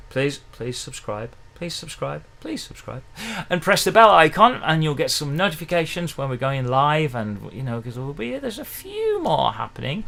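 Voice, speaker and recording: With faint ukulele playing behind him, a middle-aged man from England leads an encouraging, chatty livestream ukulele lesson and counts in the beats. His voice sits on the high side, is a bit bright, and has some vocal fry.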